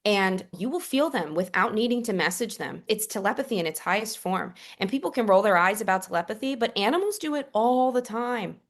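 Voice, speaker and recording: A woman's voice: medium pitch, animated, brisk, few pauses. A woman, a priestess and author, talking earnestly and effusively as a podcast guest. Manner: earnest and effusive, with soft whispered asides. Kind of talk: casual chat.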